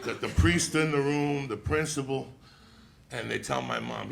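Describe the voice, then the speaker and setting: A male stand-up comedian telling a story in a loud, profane way, often shouting. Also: medium pitch, normal speed, vocal fry. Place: comedy club stage. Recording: roomy club recording with crowd laughter. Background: audience laughter and room noise.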